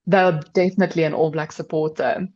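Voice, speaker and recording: A South African woman co-hosts a casual rugby chat, telling a story with easy laughter. Her voice sits a little low, and the recording is dry and slightly dull, like a remote mic. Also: steady tone, brisk, darkish tone, no room sound. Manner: chatty, storytelling, laughs often. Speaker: podcast co-host.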